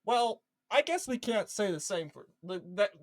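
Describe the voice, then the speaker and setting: A woman delivers opinionated political commentary, her pitch leaping up and down as she presses each point. She sounds sarcastic and emphatic, often repeating a line to drive it home. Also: animated, a little slow, rough recording.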